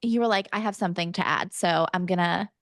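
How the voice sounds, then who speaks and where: A woman's voice: on the low side, a little fast, dry recording, clean studio sound. A woman podcast co-host in casual chat, oversharing and telling stories with lots of energy. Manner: chatty, oversharing, animated storyteller.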